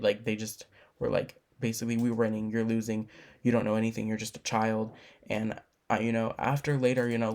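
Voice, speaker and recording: A man's voice: mid-range voice, creaky, darkish tone. A young man giving a class presentation, telling a personal story in a rambling, casual way with many filler words. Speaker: student presenter.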